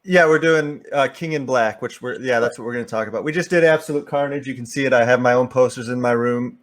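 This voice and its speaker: Man, guest on video call, relaxed, dry humor. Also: mid-range voice, quick pace. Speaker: guest comic artist. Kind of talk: casual chat.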